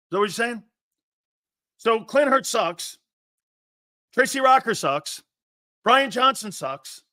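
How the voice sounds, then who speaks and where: High, sharp-voiced man ranting. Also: no echo, studio quality. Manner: combative, sarcastic, reads and answers chat comments; crude and emphatic, swears, repeats points. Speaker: sports talk host. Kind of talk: livestream sports rant.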